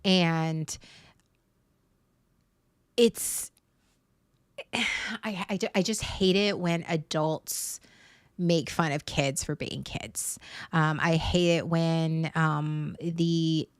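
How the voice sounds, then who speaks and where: Slow-talking woman, chatty at home. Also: deep voice, steady tone, clear, resonant tone, no room sound. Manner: chatty, rambling, with many fillers and restarts. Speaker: livestream host and mother. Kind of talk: casual rambling chat to viewers.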